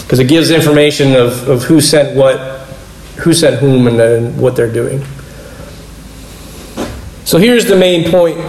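A man's voice: fairly high pitch, a little mellow. A chatty man preaching in an echoey room. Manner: conversational, explanatory, acts out quoted dialogue. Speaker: pastor teaching a Bible study. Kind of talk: casual sermon.

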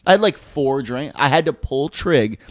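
Crude, animated thirty-year-old man. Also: medium pitch, normal speed. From New York area. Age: 30s. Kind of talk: casual comedic chat.

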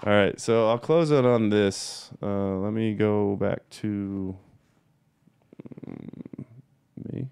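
Profane, heated man with a smooth voice. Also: lowish voice, steady tone, slow, pauses often, darkish tone. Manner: profane, blunt and heated, repeats points for emphasis. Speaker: cannabis breeder. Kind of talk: casual ranting video monologue.

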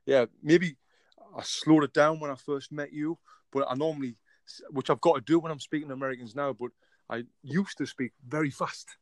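A friendly man with an English accent who calls people mate and laughs easily while he chats. His voice sits at an ordinary middle pitch. The recording is dry and close, with no room sound. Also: steady tone, brisk, no room sound. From England. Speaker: boxing coach, guest. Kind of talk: casual interview chat.

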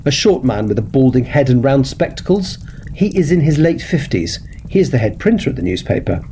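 An eager, awkward young Victorian gentleman, voiced by a man narrating the tale. He rattles off details in a lively, mellow voice. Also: medium pitch, a little fast, a little hiss or hum, close to an everyday voice.

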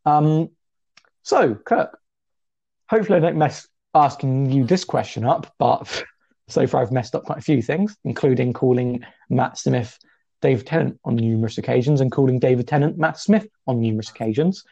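A man of twenty co-hosting a casual podcast chat, talkative and self-deprecating, his pitch often jumping up. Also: moderate pace, vocal fry, lo-fi sound. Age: 20s. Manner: chatty, self-deprecating, lively pitch jumps. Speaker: podcast co-host.

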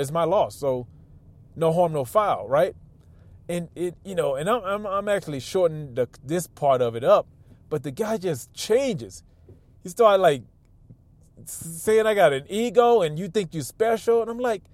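A man's voice: high voice, darkish tone, no room sound. A man telling a personal story in a casual, chatty way, often restarting and repeating words as he goes.

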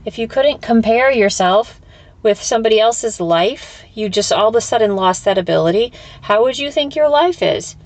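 A woman's voice: a little high, animated, moderate pace, no echo. A woman hosting a solo spiritual podcast, talking candidly and thinking aloud, swearing freely and restarting her sentences. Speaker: podcast host and spiritual teacher. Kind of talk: reflective solo podcast talk.

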